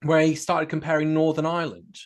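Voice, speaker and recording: A man's voice: a little high, fairly quick. A man co-hosting a casual political chat, joking and laughing readily. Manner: lively, jokey, laughs often.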